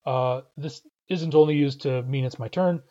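In an online language lesson, a man with a warm, medium-pitched voice speaks at a normal speed, patiently and methodically explaining words and sentences. The recording's high frequencies are cut off.

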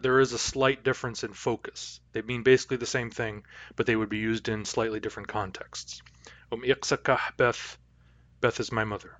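A man teaching a language lesson to a class, patiently explaining grammar and repeating example phrases slowly. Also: medium pitch, a bit bright, no room sound, highs cut off.

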